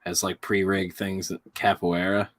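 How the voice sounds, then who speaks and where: A man's voice: sits low, little pitch movement, a little slow, fairly bright tone. A young man co-hosting a podcast, chatting casually with crude jokes and frequent laughter. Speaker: podcast co-host. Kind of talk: casual chat.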